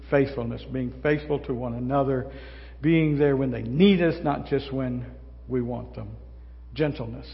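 A man's voice: medium pitch, moderate pace, gravelly. An older man, a pastor, preaching a sermon in a folksy, conversational way, often asking the congregation questions. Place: church sanctuary. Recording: muffled sound in a large reverberant hall.

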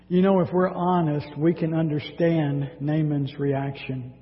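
A man preaching a sermon, reading scripture dramatically and speaking in an animated way. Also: fairly high pitch, takes it slowly. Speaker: pastor. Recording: dull sound with long hall reverb.

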